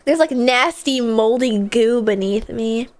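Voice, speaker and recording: With a fairly high, unhurried voice, a young female VTuber chats casually while playing a video game on stream. She comes across as bubbly and giggly.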